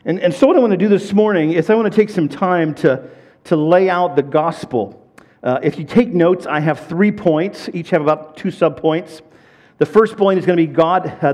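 In a church, a middle-aged pastor preaches a sermon, telling stories conversationally and repeating words as he builds up. His voice is a little high with a darkish tone.

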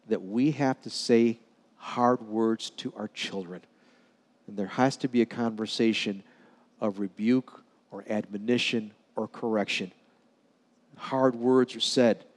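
A male pastor delivers a sermon in a church sanctuary, his voice trailing off into a long reverb. He tells stories and acts out the dialogue, at times sinking to a soft, quiet tone. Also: medium pitch. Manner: storytelling, acts out dialogue with sudden drops to soft tones.

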